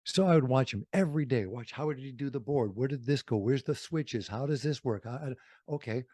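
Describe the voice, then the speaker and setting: Radio veteran from Wisconsin, animated studio storyteller, dry close mic. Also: male voice, medium pitch, brisk, no echo. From Fond du Lac, Wisconsin. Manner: animated, acts out quotes in other voices. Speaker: radio host and interview guest. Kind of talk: storytelling interview.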